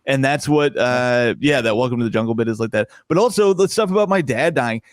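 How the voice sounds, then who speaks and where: A young man, guesting on a casual podcast, swaps comedy stories punctuated by quick bursts of laughter. He's an animated storyteller whose pitch jumps up whenever something amuses him, and the recording is close and dry.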